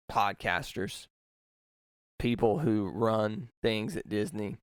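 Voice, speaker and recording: Guy podcast host ranting about a show, lowish voice, smooth, dry close sound, keeps correcting himself. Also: fairly bright tone, dry recording. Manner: passionate, rambling with self-corrections. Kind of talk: opinionated review monologue.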